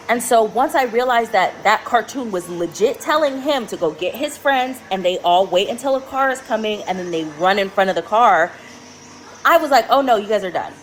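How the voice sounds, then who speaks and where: A woman's voice: mid-range voice, low-quality recording. Woman, mother, emphatic storytelling, alarmed tone, faint music behind. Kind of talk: casual storytelling to camera.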